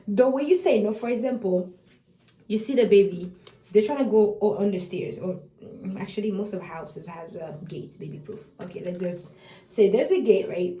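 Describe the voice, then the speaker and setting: A woman giving a casual explanatory talk on early intervention, chatty and lively, acting out how parents and children talk to each other. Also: mid-range voice, roomy sound. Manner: chatty, acts out parent and child exchanges, laughs often.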